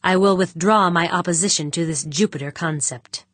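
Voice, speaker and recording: Voiced by a woman, a proud, scheming male executive talks in a low, slow and measured way. His calm sarcasm carries a contempt he never raises his voice to show, read as an audiobook character. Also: no room sound. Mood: cold. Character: cold, scheming male board member, proud and bitter.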